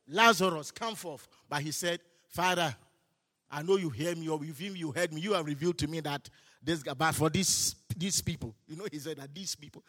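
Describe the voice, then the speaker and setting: A man preaching a sermon, telling stories with laughs and shouting his declarations. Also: a little high. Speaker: pastor. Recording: hall reverb.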